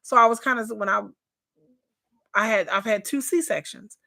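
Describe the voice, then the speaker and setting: A woman's voice: mid-range voice, normal speed, gravelly, bright, forceful tone. A woman giving casual, incredulous commentary on a reality show, talking in a colloquial drawl and laughing often. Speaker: reaction commentator.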